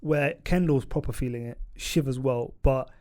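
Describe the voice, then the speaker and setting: A man's voice: medium pitch, normal speed. A man, co-hosting a casual TV review chat and retelling scenes animatedly. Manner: animated storytelling, recounts scenes with laughs. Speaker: podcast co-host.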